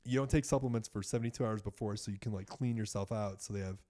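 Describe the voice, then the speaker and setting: Fast and low-voiced, a podcast guest in his 30s from the United States recounts a story in relaxed conversation, cursing and lively as he mimics doctors' voices.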